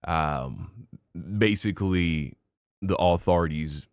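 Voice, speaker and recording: Very deep-voiced man reacting to clips. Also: smooth, dry recording, clean studio sound. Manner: reacts aloud, quick exclamations between clips. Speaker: reaction streamer. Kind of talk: casual commentary over clips.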